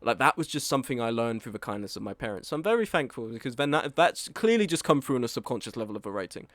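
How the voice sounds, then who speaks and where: A man's voice: medium pitch, very animated, fast, fairly bright tone, no echo, studio quality. A man in his early twenties, an author talking casually and candidly about a review of his book, rambling and losing his train of thought. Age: early 20s. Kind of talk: casual reaction commentary.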